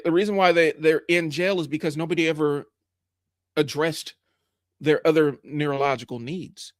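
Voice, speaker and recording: A man's voice: on the high side, no echo, clean studio sound. Congested man ranting on a live stream. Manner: frank, rambling with many fillers and restarts, greets chat viewers; swears when angry. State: congested from a head cold. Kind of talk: casual live stream monologue.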